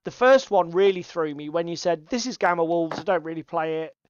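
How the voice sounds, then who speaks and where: A man's voice: a little high, fairly quick, clean tone, no room sound, muffled recording. A man co-hosting a casual livestream chat, rambling, swearing often and laughing. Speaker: co-host.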